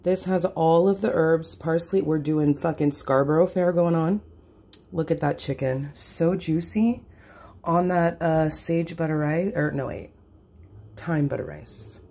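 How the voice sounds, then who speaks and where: Home cook vlogger, female, low gravelly voice, foul-mouthed and rambling, slightly wheezy. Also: dark tone. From California. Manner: swears constantly, rambling and self-mocking. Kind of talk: casual cooking vlog. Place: home kitchen.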